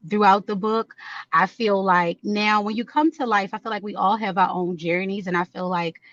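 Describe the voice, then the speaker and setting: A woman's voice: mid-range voice, fairly even intonation, normal speed, fairly bright tone, no room sound, highs cut off. A woman in a video call book club, thinking aloud with lots of ums and restarts. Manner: thoughtful, hesitant, many ums and restarts. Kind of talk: casual discussion.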